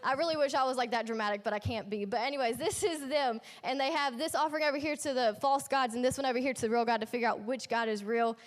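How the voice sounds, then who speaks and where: A woman's voice: fairly high pitch, fast talker, hardly any pauses. Chatty young woman preaching in an echoey hall. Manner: chatty, slangy storytelling with playful asides. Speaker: youth ministry leader. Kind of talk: casual youth sermon.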